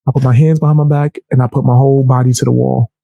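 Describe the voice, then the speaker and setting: A young man telling a heated personal story in casual, animated speech, raising his voice to act out the people he quotes. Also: mid-range voice, fast talker, vocal fry, no echo, lo-fi sound. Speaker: storyteller vlogger.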